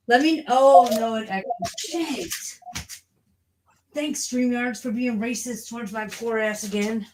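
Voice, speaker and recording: A woman's voice: medium pitch, a little mellow, slight background noise, poor audio. A woman hosting a casual livestream, talking in a profane, rambling and easily distracted way. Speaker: livestream host.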